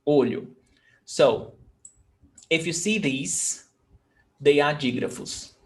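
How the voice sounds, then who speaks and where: Brief: male teacher, slightly high voice, slow, patient, spells and repeats. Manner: patient, repeats words slowly and spells letters out. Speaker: Portuguese teacher. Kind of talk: online language lesson.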